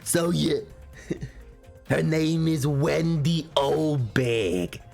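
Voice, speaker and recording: A man voicing an older woman security guard who smokes, talking in a slow, raspy drawl. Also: fairly high pitch, a little mellow, soft background music, full character voice.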